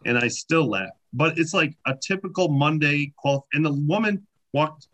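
A man spins funny anecdotes in a relaxed chat, his voice bright and forward. He talks in loose, animated bursts, padded with fillers and restarts. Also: a little high, moderate pace. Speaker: podcast guest. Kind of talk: casual storytelling.

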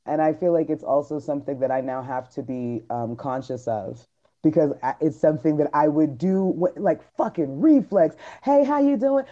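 Podcast host, woman in her 30s, candid and profane, warm dark tone, slightly dull sound. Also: low-pitched, normal speed. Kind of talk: casual chat.

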